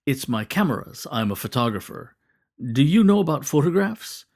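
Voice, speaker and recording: A man's voice: fairly high pitch, very animated, normal speed, gravelly, a little mellow. A man voicing an earnest young male immigrant photographer who speaks carefully and deferentially.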